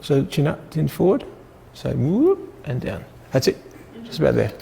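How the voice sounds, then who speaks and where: A man, a portrait photographer, calmly giving step-by-step posing directions during a photo shoot. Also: on the high side, moderate pace, creaky, in a large hall, slight background noise.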